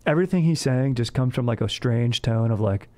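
A man's voice: mid-range voice, animated, fairly quick, a little mellow. A young man hosting a comedy podcast, chatting casually in bro slang and saying "dude" all the time. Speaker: podcast host.

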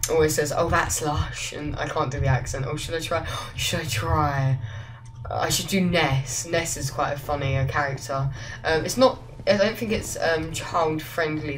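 A woman's voice: low voice, rough recording. Chatty woman gaming. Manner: chatty, rambling, jokey. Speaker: gaming YouTuber. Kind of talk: casual let's-play commentary. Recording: quiet music under the voice.

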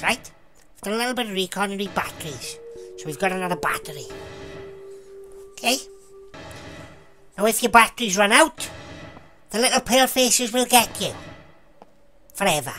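Woman, horror game commentary, sweary and jumpy, bright tone, faint music behind. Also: medium pitch. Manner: sweary, jumpy, laughs at scares. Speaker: let's play gamer.

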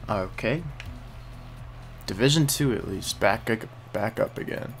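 A man's voice: lowish voice, animated, slow pace, vocal fry, long pauses, fairly bright tone, faint music behind. A man hosting a gaming video, chatting to himself and his viewers while he plays. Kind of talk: gameplay commentary.

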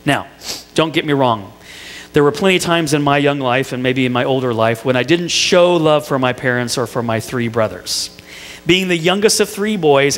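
A man's voice: mid-range voice, a bit bright, long reverb tail. A middle-aged male pastor preaching a sermon, telling family stories with playful asides to the congregation. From Indiana. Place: church sanctuary.

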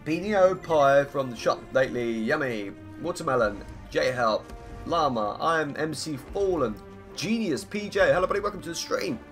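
A man with a croaky voice chatting through live gameplay commentary, greeting viewers and humming between lines. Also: on the high side, expressive, moderate pace, fairly bright tone, faint music behind. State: hoarse, croaky voice. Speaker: game streamer. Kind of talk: live gameplay commentary, reading chat aloud.

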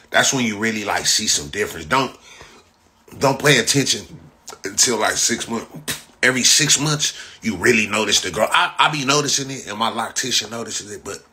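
A young livestream host from Inglewood, Los Angeles, rants casually in a bright, forceful, medium-pitched voice with lively intonation and a moderate pace. He's profane, boastful, and repetitive, often bursting into laughter, with a bit of hiss or hum audible.

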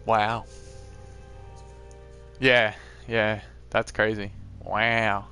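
A man's voice: lowish voice, level tone, extremely slow, sharp tone, smooth, soft background music. A man hosting a live gameplay stream in a casual, chatty way, talking to viewers and reacting to the game as he plays.

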